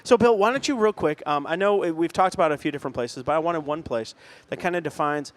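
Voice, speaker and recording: A man co-hosting a podcast with a somewhat high voice. He retells stories with lots of laughter and plays out the people in them. His delivery stays loose and conversational. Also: fast. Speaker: podcast co-host. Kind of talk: casual chat.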